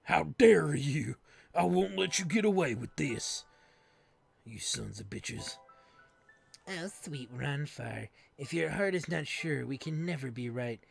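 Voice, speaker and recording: A man voicing a frightened young captive woman in a video game, in a high falsetto. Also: lively intonation, takes it slowly, vocal fry, breathy edge, faint music behind, exaggerated voice. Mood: pleading. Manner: high squeaky falsetto pleading.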